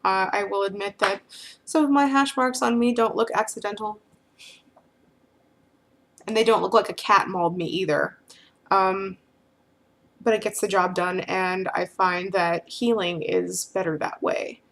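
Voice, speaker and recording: A woman's voice: medium pitch, fairly even intonation, a little slow, gravelly, long pauses, a bit bright. A woman talking casually to the camera, answering questions in a frank, rambling way full of filler phrases.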